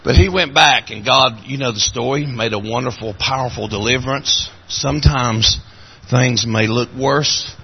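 A man with an Appalachian accent preaching a sermon, telling folksy stories in a voice that climbs high and cracks when he is moved. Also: normal speed, slightly rough, highs cut off.

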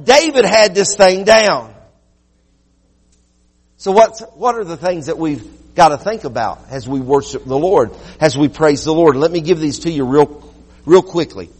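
A man preaching a sermon as pastor, swinging between loud quick bursts and low slow passages. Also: slightly rough, big-room sound.

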